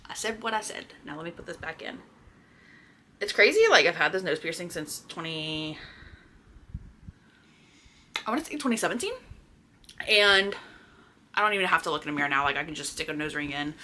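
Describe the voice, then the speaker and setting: Bright-toned woman rambling about her reading, super casual, cusses a lot, little room hum. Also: fairly low pitch, fairly quick, pauses often. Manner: animated and gushing, swears casually, addresses viewers as y'all. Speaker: book vlogger. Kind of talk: casual chatty book review.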